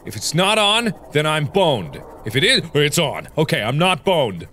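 Animated man yelping through gameplay commentary. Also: on the high side, moderate pace, slight background noise. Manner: jokey, swears a lot, yelps in surprise, chats to game creatures. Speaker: let's play host.

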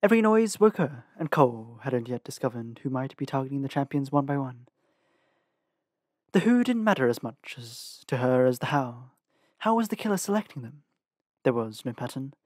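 Male fan audiobook narrator, steady reading, mid-pitched, very dry close sound. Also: fairly quick, no echo. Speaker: audiobook reader.

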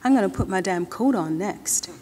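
A woman's voice: medium pitch, expressive, moderate pace, darkish tone, slight background noise, natural voice. A woman putting on a sickly, whining young man. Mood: indignant. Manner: whiny, groaning, streetwise slang. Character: feverish, sulky young man, slangy jazz player. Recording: long-reverb hall.

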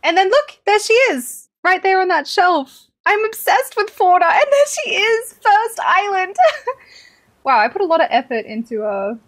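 A young Australian woman chatting over a game as a streamer, excitable, swearing freely and laughing often. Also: very high voice, moderate pace. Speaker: gaming streamer. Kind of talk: casual game commentary.

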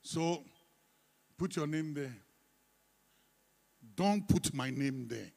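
A man preaches in church, his voice sitting high for a man. He coaxes the congregation to read along, teasing them in quiet asides and then pressing hard on key words. It is a lively call-and-response sermon. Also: very slow, vocal fry. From Ghana. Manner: teasing, coaxing the congregation, swinging between soft asides and loud emphatic reading. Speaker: pastor. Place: church sanctuary.

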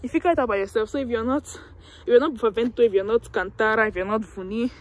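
A woman's voice: on the high side, quick pace, a little mellow. A young woman vlogging a walking tour of a university campus outdoors, chatty and self-mocking, talking to viewers through a handheld phone. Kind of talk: casual walking vlog.

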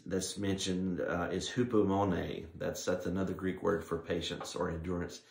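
A man's voice: low voice, echoey room. A man preaching a Bible-study sermon as pastor, teaching plainly and unhurriedly with frequent restarts.

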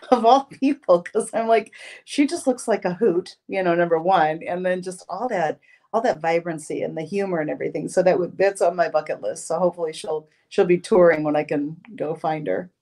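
Fifties woman, lowish voice, warm anecdotal podcast guest telling lively stories. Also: brisk. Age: 50s. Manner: storytelling, expressive, with restarts. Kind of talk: casual interview chat.

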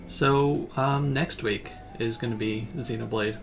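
A man's voice: mid-range voice, fairly even intonation, measured pace, vocal fry, soft background music. A man chatting casually on a livestream while playing a game, laid-back and rambling. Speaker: game streamer. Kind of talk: relaxed livestream chat.

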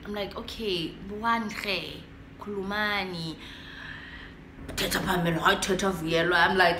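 A young woman with a South African accent telling a personal story in a casual, animated way, slipping between English and isiXhosa and acting out her own reactions. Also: fairly low pitch, moderate pace, reverberant, background noise. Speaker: vlogger.

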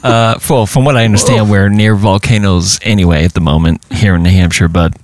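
A man's voice: fairly low pitch, steady tone, brisk, no room sound, studio quality. A man co-hosting a casual podcast, talking in an easygoing, chatty way with lots of fillers. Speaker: podcast co-host. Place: home podcast setup in New Hampshire.

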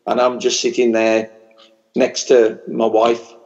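A man's voice: mid-range voice, monotone, slow, darkish tone. A man with a strong working-class English regional accent preaches fervently to a conference crowd in a mid-range voice, moving from storytelling into a rousing blessing. The recording sounds a little dull and muffled. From England. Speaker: pastor. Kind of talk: sermon. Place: large church conference hall.

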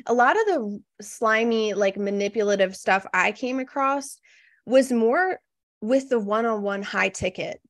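A woman's voice: a little high, unhurried, no room sound, clean studio sound. A woman copywriter as a podcast guest in casual interview chat, frank and reflective, with many "you know" fillers.

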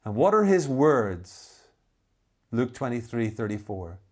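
Pastor preaching, draws words out slow for effect, then goes quiet and low. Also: male voice, very animated. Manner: dramatic, slows down for emphasis and drops to a soft voice. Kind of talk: sermon.

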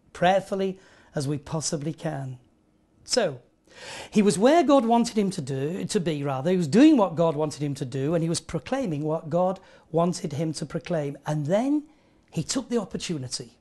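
A man delivers a sermon. He preaches earnestly and tells everyday stories, adding lively asides as he goes. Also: high-pitched. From northern England.

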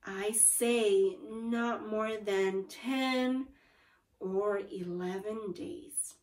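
A woman voicing a mean old husband who teases his wife loudly and with mock solemnity. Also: medium pitch, measured pace, echoey room, distant mic, natural voice. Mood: cruel teasing. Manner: loud, teasing, mock-solemn.

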